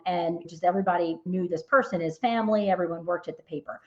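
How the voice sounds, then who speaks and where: A woman's voice: on the low side, fast, darkish tone, muffled recording. A middle-aged woman, a financial planner, telling client stories earnestly as a podcast guest. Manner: earnest storytelling. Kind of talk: podcast interview.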